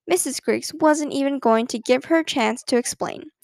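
A woman reads a children's storybook aloud with an expressive, lively delivery. Her voice is high and the sound is close and dry, with no room around it. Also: moderate pace, gravelly, dry recording. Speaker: narrator.

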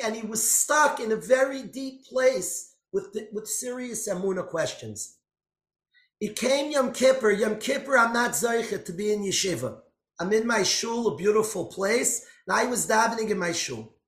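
A man giving an impassioned storytelling sermon, swinging between loud outbursts and hushed lines. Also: very high voice, expressive, unhurried. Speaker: speaker giving a religious talk. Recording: echoey room.

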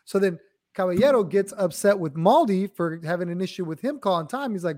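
A man's voice: sits high, expressive, a little fast, a little mellow. A man co-hosting a sports podcast, explaining plays in laid-back slang. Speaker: guest co-host. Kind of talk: casual sports chat.

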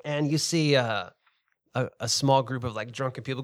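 A man narrating a tabletop game as game master, describing scenes in a relaxed second-person way. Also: medium pitch, a little fast.

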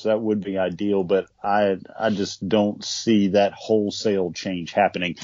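A man talks casually on a podcast about college sports, relaxed and full of fillers. His voice sits low. The sound is dry and a little dull. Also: no echo. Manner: relaxed, conversational, with many fillers. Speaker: podcast co-host.

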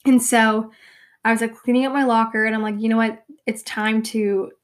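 Chatty young woman with a fading, hoarse voice. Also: fairly high pitch, level tone, moderate pace. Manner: chatty, rambling, self-deprecating, lots of "like" and "um". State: losing her voice, slightly hoarse. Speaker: podcast host. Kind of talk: casual solo podcast.

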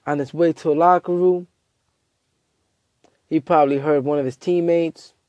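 A man hosting a casual show, telling a comedic story in a rambling, animated way and acting out quotes. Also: on the high side, normal speed, no echo, dull audio. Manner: animated, acts out quotes, self-interrupting. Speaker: host.

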